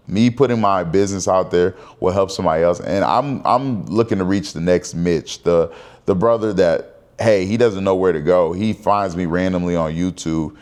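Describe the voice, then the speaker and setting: A man in his thirties rambles conversationally to the camera in a candid, casual vlog. His voice is low-pitched with a darkish tone.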